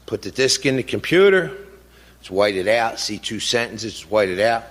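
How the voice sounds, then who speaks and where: A man's voice: fairly low pitch, lively intonation, moderate pace. A middle-aged man giving an impassioned public speech as a grieving father, blunt and emotional, full of rhetorical questions. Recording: long hall reverb.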